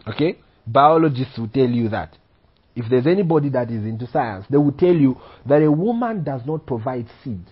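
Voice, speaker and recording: A male preacher delivers a sermon in a husky voice. He leans on rhetorical questions and keeps checking in with his listeners. The recording sounds dull and lo-fi. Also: on the high side. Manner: rhetorical questions, frequent "Okay?" check-ins.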